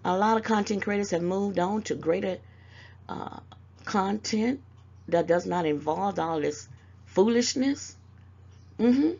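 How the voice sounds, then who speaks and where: A woman's voice: medium pitch, a little slow, pauses often, darkish tone, breathy edge, dull audio. An older woman with a Southern US accent, speaking to camera and giving motherly, scolding advice, calling people baby. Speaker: YouTube commentator. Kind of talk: casual direct-to-camera advice.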